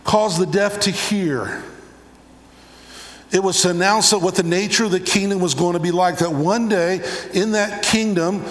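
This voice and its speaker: A male pastor preaching a sermon, telling stories and acting out little scenes along the way. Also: high-pitched. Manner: animated storytelling, acting out examples. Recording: echoey hall.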